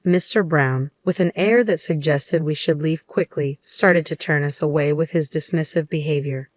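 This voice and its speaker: A woman narrating a story in an even, unhurried scripted delivery. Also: low voice, no room sound.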